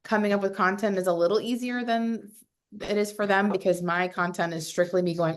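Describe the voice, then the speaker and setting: A young adult woman, a realtor, chatting casually over a video call, animated and full of fillers. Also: mid-range voice, normal speed. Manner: chatty, animated, acts out quotes with lots of fillers. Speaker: realtor panelist.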